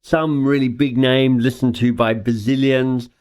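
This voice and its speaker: A man hosting a podcast interview, enthusiastic and gushing, quick to laugh. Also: medium pitch, level tone, darkish tone, smooth. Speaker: podcast host. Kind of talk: casual interview.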